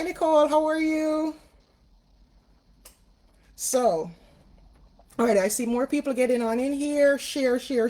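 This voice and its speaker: A Jamaican woman with a Jamaican accent and a mellow, slightly high voice hosts a casual livestream from home as a spiritual reader. She chats with viewers, greeting them by name and using plenty of fillers.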